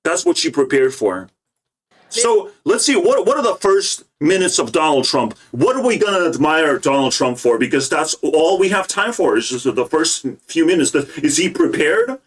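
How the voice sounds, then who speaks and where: A man's voice: fairly high pitch, very animated, normal speed. Agitated, profane young man ranting. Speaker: political commentator. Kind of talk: ranting reaction commentary.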